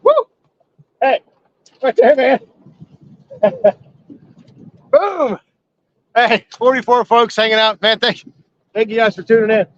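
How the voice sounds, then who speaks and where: A man hosting a casual live fishing stream from a boat on a river, folksy and excitable, whooping when a fish is released. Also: very high-pitched, measured pace, pauses often. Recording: lo-fi outdoor stream with boat noise.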